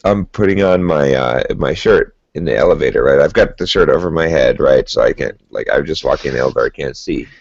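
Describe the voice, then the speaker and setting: Deep husky guy rambling through a story on a podcast, dry dull sound. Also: fast, hardly any pauses, no room sound. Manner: rambling, laughs while telling stories. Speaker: podcast co-host. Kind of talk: casual storytelling chat.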